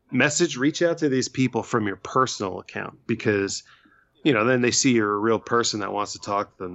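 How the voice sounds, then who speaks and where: A man co-hosting a casual movie podcast, relaxed and giving advice. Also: lowish voice, gravelly, highs cut off. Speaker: podcast co-host.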